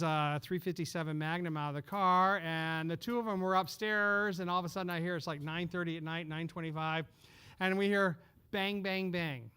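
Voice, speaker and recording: A man's voice: high voice, clear, resonant tone. A man telling a story on a panel in casual talk, acting out quoted lines as he goes. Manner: animated anecdote teller who acts out quotes. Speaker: panelist, former restaurant owner.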